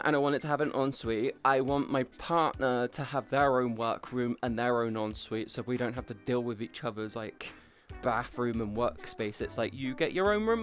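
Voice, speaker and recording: A man's voice: mid-range voice, fairly bright tone. A young British man streaming from home, rambling casually and chatting with viewers, now and then swearing. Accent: British English. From Britain. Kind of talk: casual live-stream chat.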